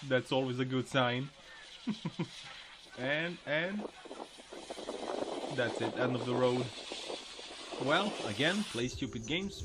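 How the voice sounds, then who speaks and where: A man's voice: medium pitch, expressive, slow, long pauses, music in the background. A man hosting a video, giving joking, chatty reaction commentary over clips and laughing often.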